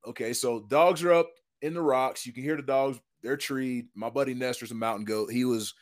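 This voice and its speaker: A retired football lineman tells a hunting story casually and with animation, his slangy talk packed with "dude" and "man." His voice is medium-pitched and his pace moderate.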